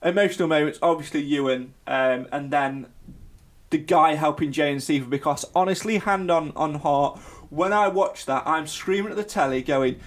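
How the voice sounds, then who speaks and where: A man co-hosting a casual podcast chat, animated and mocking, often breaking into shrill put-on voices. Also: normal speed. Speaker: podcast co-host.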